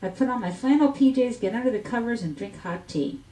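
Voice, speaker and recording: A woman's voice: fairly high pitch, animated, brisk, warm tone, roomy sound, rough recording. A woman playing a doctor in a scripted training dialogue, giving plain, brief answers.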